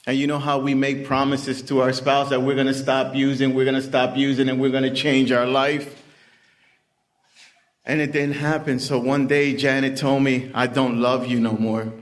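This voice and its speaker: A middle-aged man speaking at a recovery meeting, giving personal testimony in an unhurried, plain-spoken storytelling way with many pauses. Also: mid-range voice, flat delivery. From Puerto Rican family background.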